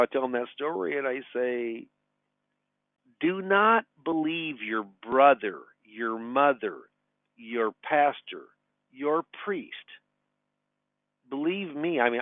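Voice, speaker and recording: Folksy older male advisor, 60s, mid pitch, dry phone-like webinar sound. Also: no room sound. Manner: folksy, chatty, tells anecdotes and chuckles. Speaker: retirement advisor. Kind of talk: webinar teaching. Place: his office.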